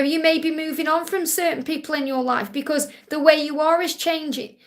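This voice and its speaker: A woman from England with a Stoke-on-Trent accent and a high voice. She gives a live-streamed card reading in a soothing, reassuring way and calls her viewers honey. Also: a bit bright. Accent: Stoke-on-Trent English. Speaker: psychic reader.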